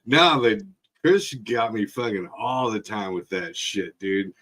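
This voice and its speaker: A man tells crude stories in a casual chat, his voice sitting fairly low. He swears freely and often breaks into laughter. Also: expressive, a little slow, fairly bright tone. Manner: profane, laughing storyteller.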